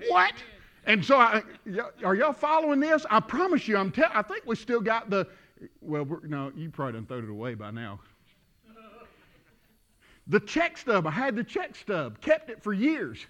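High bright-voiced preacher man. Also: very animated, moderate pace. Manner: folksy storytelling, builds to shouting. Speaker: pastor. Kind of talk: sermon.

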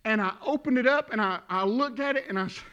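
A man preaching a sermon, telling folksy stories that build to shouting. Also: extremely high pitch, fast talker, smooth, muffled recording. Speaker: pastor.

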